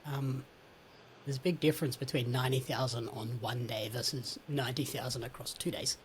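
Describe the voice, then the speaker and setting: A man's voice: medium pitch, steady tone, a little fast, slight background noise. A man hosting a casual podcast, chatting in an easygoing, wry way. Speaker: podcast host and play-by-play commentator.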